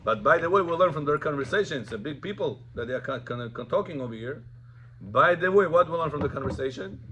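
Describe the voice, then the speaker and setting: A man's voice: fairly high pitch, lively intonation, fast talker, fairly bright tone, slight background noise. A man, a rabbi, teaching a Talmud lesson informally, telling the story and mixing Hebrew terms into plain English.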